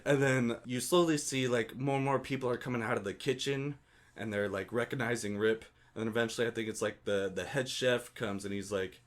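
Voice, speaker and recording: A man's voice: medium pitch, steady tone, a little fast. Laughing man recapping a movie. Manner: laughs often while recapping, loose and amused. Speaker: podcast co-host. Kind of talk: casual movie recap chat.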